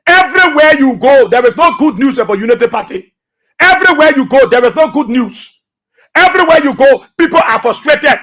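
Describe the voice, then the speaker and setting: A man's voice: very high voice, expressive, fairly quick, fairly bright tone. A man with a Liberian English accent hosting political talk radio, passionate and repeating phrases for emphasis.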